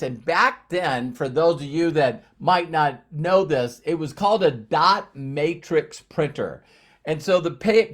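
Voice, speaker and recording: Cheerful fifties male host, somewhat high voice, meandering delivery with lots of fillers. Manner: upbeat, rambling, with many fillers and restarts. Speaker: network marketing presenter. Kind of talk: live-streamed motivational talk.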